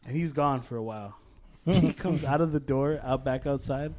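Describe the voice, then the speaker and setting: A man's voice: medium pitch, normal speed, mellow. A man hosting a casual podcast, telling stories between laughs and swearing freely. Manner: laughing storyteller, heavy swearing. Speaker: podcast host. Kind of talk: casual chat.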